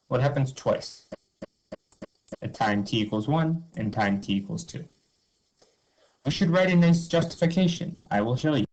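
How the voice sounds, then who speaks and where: A man with a medium-pitched, darkish voice gives an upbeat, informal math review lesson. He talks through each step, asks himself questions and answers them, and says "okay" and "cool" a lot. The audio is poor.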